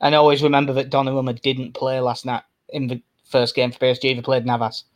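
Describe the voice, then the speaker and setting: A man with a mid-range voice chats about football on a podcast. He is relaxed and talkative, laughs easily and swears in passing. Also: mid-range voice, fast talker. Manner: chatty, laughs often, swears casually. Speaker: podcast co-host. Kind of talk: casual football chat.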